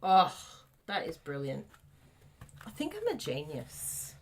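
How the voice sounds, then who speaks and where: A woman's voice: low voice, huge pitch swings, takes it slowly, a crowd in the background. A woman co-hosting a live craft stream, chatting playfully and laughing often, with a slight frog in her throat. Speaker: craft demonstrator co-host.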